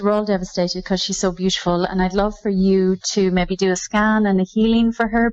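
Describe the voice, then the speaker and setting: A woman's voice: medium pitch, darkish tone, clean tone. A woman from Ireland with an Irish accent, calling in to a show in a bubbly, friendly way. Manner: bubbly, friendly, talks fast. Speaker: caller. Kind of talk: phone-in chat. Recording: dull lo-fi line.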